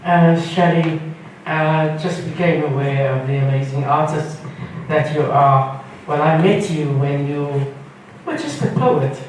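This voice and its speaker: Halting audience woman, echoey hall. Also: low-pitched. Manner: halting, warm praise with many fillers. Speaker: audience member. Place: event hall. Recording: echoey hall from far off, faint noise.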